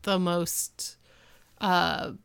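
A woman's voice: fairly low pitch, extremely slow, vocal fry, a bit bright, clean tone. A woman co-hosting a podcast, casually retelling an episode with lots of "like" and "um". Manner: rambling retelling full of "like" and "um". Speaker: podcast co-host recapping an episode. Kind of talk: casual chat.

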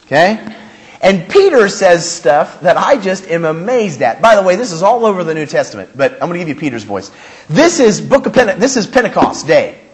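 Guy preaching a sermon, high voice that jumps all over, joking and emphatic. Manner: animated preaching with humor and emphatic rhetorical questions. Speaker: pastor.

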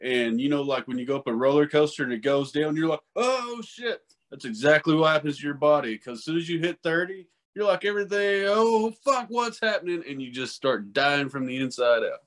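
A man in his thirties hosting a casual chat, talking in a rambling, profane, animated way. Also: medium pitch, fast talker, few pauses. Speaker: podcast host.

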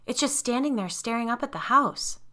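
A woman plays a startled young woman reporting something urgent. Her voice is bright and forceful, pitched a little higher than the narration. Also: lively intonation, a little fast.

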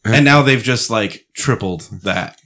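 A man co-hosting a casual podcast, telling a crude joke in a deadpan, swearing way. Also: medium pitch, a little slow, slight background noise. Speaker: podcast co-host.

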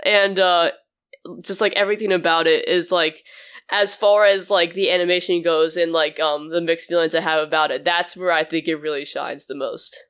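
Rambling co-host, smooth dry voice. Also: mid-range voice, steady tone, moderate pace, a bit bright, no room sound. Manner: rambling, heavy use of "like" and "um". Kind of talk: casual film review chat.

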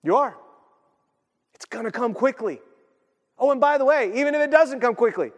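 A male pastor preaching a sermon, telling stories with lively acted-out quotes. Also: very high-pitched, quick pace, pauses often. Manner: animated storytelling, acts out quoted voices. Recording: long hall reverb.

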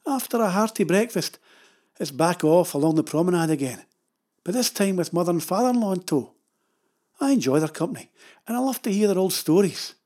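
A man's voice: high voice, animated, a little fast, a little mellow. An older man with a Scottish accent, telling rambling, wry stories about his travels. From Scotland. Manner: chatty, digressive, wry. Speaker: storyteller. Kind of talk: rambling anecdotal narration.

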